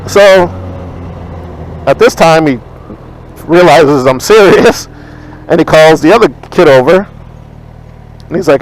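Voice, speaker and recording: A man vlogs from his motorcycle as he rides city streets outdoors, rambling casually and retelling an argument in blunt, profane terms. His voice is a little high and a little slow, with long pauses. The audio is poor, with faint street and traffic noise behind him.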